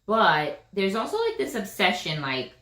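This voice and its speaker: A woman's voice: mid-range voice, huge pitch swings, unhurried, fairly bright tone. A woman giving a casual tarot reading, chatty and emphatic, repeating her phrases and often checking in with "right?". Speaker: tarot reader. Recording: echoey room.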